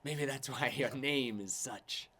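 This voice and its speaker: A man's voice: medium pitch, slow, bright, forceful tone. A man voicing a cold, haughty human warlock who speaks in a stiff, formal way.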